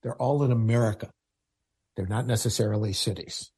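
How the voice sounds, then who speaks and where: A man co-hosting a call-in radio show, giving playful, quick replies. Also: lowish voice, steady tone, darkish tone, slightly rough, no echo, clean studio sound. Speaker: radio co-host. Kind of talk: casual studio banter.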